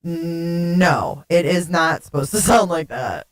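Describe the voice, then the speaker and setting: A woman's voice: on the low side, slow. Woman streamer with a glitchy alien-sounding voice changer. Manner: giggly, flustered, swears casually. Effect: glitchy voice changer making her sound alien. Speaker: livestream host. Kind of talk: casual livestream chat with viewers. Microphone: desktop streaming mic.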